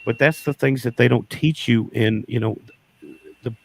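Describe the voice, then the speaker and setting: With a crowd audible behind him, a beekeeper guest recounts a folksy story in a creaky, medium-pitched voice at normal speed. His storytelling leans on quoted dialogue, often framed as "I said."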